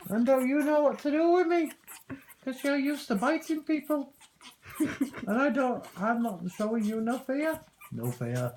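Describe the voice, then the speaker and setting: A woman's voice: sits high, unhurried, darkish tone, a little hiss or hum, low-quality recording. A woman talking casually to her pet parrot, coaxing and teasing it with playful swearing. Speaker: parrot owner.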